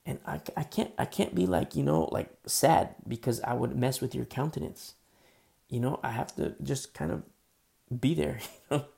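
A man's voice: mid-range voice, moderate pace, gravelly, mellow. A man preaching a casual, conversational sermon, full of fillers and acted-out quotes. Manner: conversational, many fillers, acts out quoted voices. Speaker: pastor.

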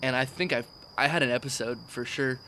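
Very bright-voiced man host. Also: medium pitch, brisk, slight background noise, rough recording. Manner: teasing, animated when retelling. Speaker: podcast host. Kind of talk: casual chat. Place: outdoors at a table at night. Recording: faint outdoor night ambience with crickets.

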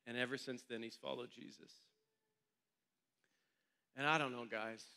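A man's voice: medium pitch, fairly even intonation, measured pace, gravelly, bright, forceful tone, clean tone, big-room sound. A male pastor telling a story during a sermon in a church meeting room, in a loose, conversational way.

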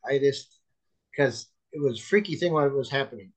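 A man's voice: mid-range voice, a little fast, poor audio. A man, a chaplain and author, earnestly telling a rambling personal testimony over a remote call, full of fillers and restarts.

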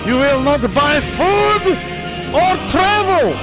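A man voicing a grandiose male communist governor in a mock Russian accent, slowly reading out absurd decrees. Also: very high-pitched, animated, over loud music, pitched above the performer's own voice, heavily acted, poor audio. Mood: pompous decree.

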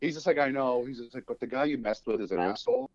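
Young guy, podcast co-host, animated storyteller who swears and laughs a lot, close dry mic. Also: medium pitch, quick pace, dry recording. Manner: animated, acts out quotes, laughs often, swears. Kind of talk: casual storytelling chat. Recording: dull dry studio mic.

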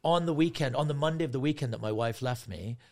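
His voice is mid-range and creaky, and he talks quickly. As a comedian guest on a podcast, this man in his forties tells a casual story with plenty of laughter, animated energy and acted-out voices of others.

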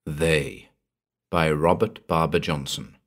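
A man reading a horror story aloud as narrator, in a measured, grave storytelling manner. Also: extremely low pitch, steady tone.

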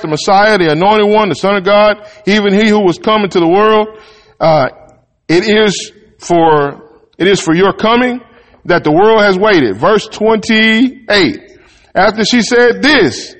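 A man's voice: high-pitched, fairly bright tone, in a large hall. A man preaching a sermon, reading scripture aloud and breaking off into casual, folksy asides to the congregation. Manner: conversational, reads verses then riffs in folksy Southern-style talk.

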